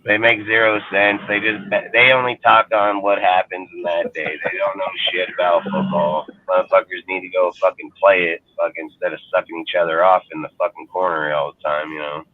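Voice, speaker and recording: A man with a somewhat low voice launches into an angry, profane rant as he hosts a sports fan show. His delivery is crude and scornful. The sound is thin and tinny, as if it came through a phone line. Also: level tone, a little fast, few pauses, slight background noise. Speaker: sports podcast host.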